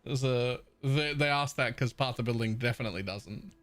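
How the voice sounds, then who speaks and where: A man's voice: medium pitch, normal speed, fairly bright tone. A man hosting a live game stream, talking in a blunt, offhand way and swearing now and then. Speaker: streamer host. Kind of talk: casual chat on a live stream.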